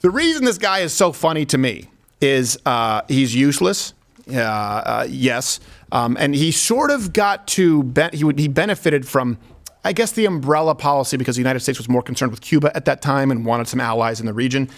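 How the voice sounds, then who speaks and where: A man's voice: medium pitch, animated, moderate pace. A man hosting a comedic talk show, joking and rambling. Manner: joking, rambling, laughs at his own stories. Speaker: host.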